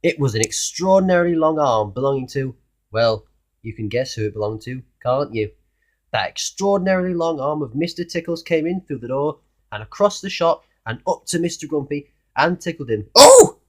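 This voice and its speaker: Man reading a children's storybook, expressive. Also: a little high, fairly quick. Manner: expressive, asks the listener questions. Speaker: narrator reading a children's book.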